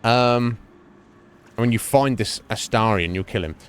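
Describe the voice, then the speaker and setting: A man's voice: mid-range voice, measured pace, smooth. A man streamer giving casual gameplay commentary, chatty, laughing often, with lots of fillers.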